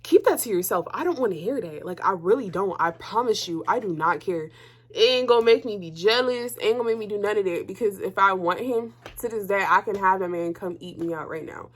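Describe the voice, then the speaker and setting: Young woman spilling a storytime to her viewers, blunt and cussing, voice jumps high when she's mad. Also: fairly quick. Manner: blunt, profane, talks straight to viewers; animated, voice jumps up when heated. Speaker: vlogger telling a story. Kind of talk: casual storytime chat.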